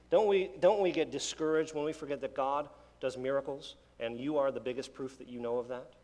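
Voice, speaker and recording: Male pastor preaching, chatty and emphatic, mid-pitched, long hall echo. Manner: conversational preaching, emphatic, with asides and restarts. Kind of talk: sermon.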